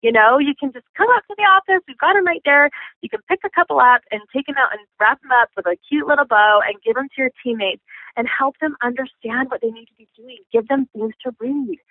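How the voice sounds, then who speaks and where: A woman coaches her sales team at a brisk clip, peppering her talk with "you know" and frequent "okay?" check-ins. The sound is thin and phone-like, dry with no room around it. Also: high-pitched, no room sound.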